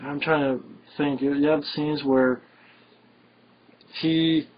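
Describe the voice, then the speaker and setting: A man with a slightly high voice chats casually about a film he loves, rambling eagerly and piling up fillers. His tone is loose and excited. The audio is muffled and lo-fi. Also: takes it slowly, slight background noise. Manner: enthusiastic and rambling, with frequent fillers and laughs. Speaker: film reviewer. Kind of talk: casual film review chat. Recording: dull lo-fi recording.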